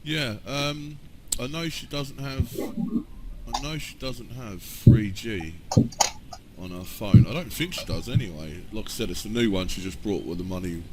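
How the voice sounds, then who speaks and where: A man hosting a casual chat, speaking hesitantly and softly with many ums. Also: on the low side, moderate pace, over a noisy crowd, low-quality recording. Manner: hesitant, soft-spoken, many fillers. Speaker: host.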